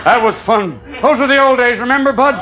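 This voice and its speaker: A male stand-up comedian doing a manic, rapid-fire improvised routine, jumping into voices and shouts on a club stage. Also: very high-pitched. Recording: loud crowd laughter, noisy live room. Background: audience laughing.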